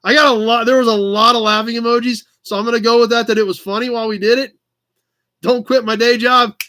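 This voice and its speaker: A man's voice: very high-pitched, steady tone, fast, sharp tone. A man hosting a casual livestream auction, chatty and upbeat as he calls out bids. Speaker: live auction host.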